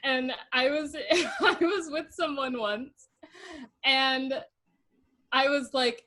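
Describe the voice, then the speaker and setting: A woman's voice: unhurried, bright, forceful tone. A young woman hosting a podcast, telling stories in casual chat with lots of giggling and acted-out quotes. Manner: giggly storyteller, acts out quotes in a low voice. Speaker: podcast host.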